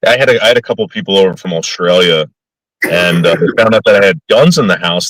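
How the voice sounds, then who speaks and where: A man from the United States chatting casually on a live stream, halting and repeating words as he talks. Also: low-pitched, animated, a bit bright, dry recording, rough recording.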